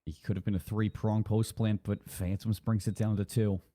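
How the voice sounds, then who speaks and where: A man calling live esports play-by-play with quick calls of the action. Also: fairly low pitch, little pitch movement, mellow. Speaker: esports caster.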